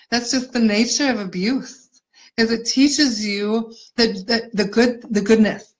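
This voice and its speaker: A woman's voice: medium pitch, a bit bright, rough recording. A woman giving a conversational Christian teaching, earnest and encouraging as she shares personal stories. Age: adult mother of four. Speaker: Christian ministry speaker.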